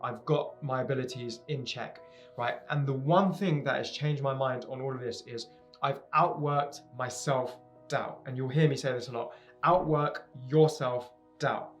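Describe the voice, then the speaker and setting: A man's voice: mid-range voice, measured pace, soft background music. A young man speaking straight to viewers about starting a business, earnest and emphatic, hammering points home by repeating phrases. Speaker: entrepreneur giving advice to viewers. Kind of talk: direct-to-camera motivational talk.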